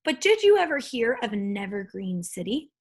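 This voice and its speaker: A woman's voice: mid-range voice, sing-song, normal speed, breathy edge. A woman reading aloud, voicing a cheerful young boy hero in a storybook with an eager, friendly voice.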